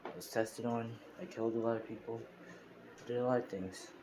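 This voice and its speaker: A man's voice: mid-range voice, steady tone, fairly quick, background noise, lightly acted. A man voicing a troubled young male hero in a spoken fan story. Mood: lost, hesitant.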